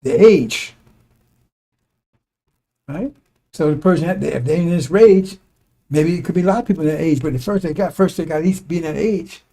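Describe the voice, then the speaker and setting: Mellow-voiced man preaching informally. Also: a little high, moderate pace, creaky, long pauses. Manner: conversational, rhetorical asides like "right?" and "see?"; repetitive, emphatic drilling of points. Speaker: religious commentator.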